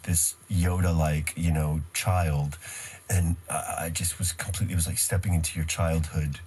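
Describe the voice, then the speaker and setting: Deep-voiced self-deprecating man. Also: flat delivery, normal speed, a little mellow, slightly rough. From United States. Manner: self-deprecating, wry, laughs often. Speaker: actor, guest. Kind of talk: casual interview storytelling.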